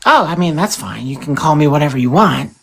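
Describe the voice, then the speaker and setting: Woman, puppet voice, sarcastic, pedantic, slightly low, heated debate. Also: animated, fairly quick, vocal fry, fairly bright tone, husky. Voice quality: speaking through a hand puppet. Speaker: panel guest.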